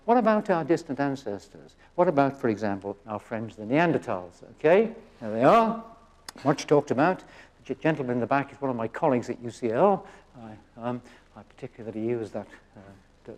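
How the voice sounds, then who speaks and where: A man's voice: mid-range voice, darkish tone. An older man gives a public lecture on science in an easy, conversational way. He restarts phrases and checks in with the audience as he goes. His voice rises and falls a lot. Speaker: genetics professor giving a public lecture.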